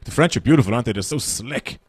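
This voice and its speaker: Husky and very fast at a medium pitch, this Irish man in his thirties works a club stage with no echo on the recording. He swears freely and spins animated, chatty stories.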